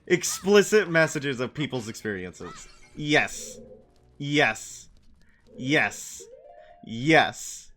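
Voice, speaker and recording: A young man with a somewhat high, slightly bright voice chats casually while livestreaming a game. He meanders from topic to topic and answers his chat's messages aloud.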